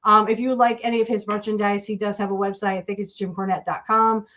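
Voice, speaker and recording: A woman speaks in a loose, conversational way, hosting a podcast. She wanders through her thoughts with plenty of fillers and corrects herself as she goes, at an ordinary pitch. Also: level tone, fast talker, a bit bright, slight background noise. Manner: chatty, rambling with fillers and self-corrections. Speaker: podcast host. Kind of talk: casual podcast talk.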